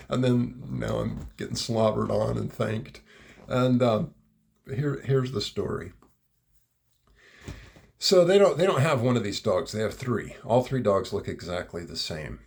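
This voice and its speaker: A man's voice: medium pitch, gravelly, darkish tone. A middle-aged man telling a rambling personal anecdote, repeating words and chuckling as he goes. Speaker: storyteller. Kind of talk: personal anecdote told aloud.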